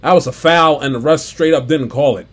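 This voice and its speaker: A man's voice: fairly high pitch, fairly quick. A man ranting off the cuff about a basketball game, exasperated and stumbling over restarts and repeats. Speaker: sports commentator. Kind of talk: unscripted basketball rant.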